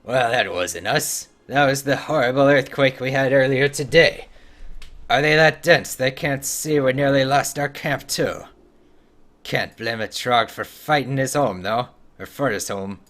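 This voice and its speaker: A man putting on a gruff hearty dwarf. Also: mid-range voice, a little slow, a bit bright, voice pushed up, natural voice. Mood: indignant. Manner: clumsy put-on dwarf accent, reading quest text aloud. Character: gruff male dwarf quest-giver, blunt and hearty. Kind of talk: reading game dialogue aloud.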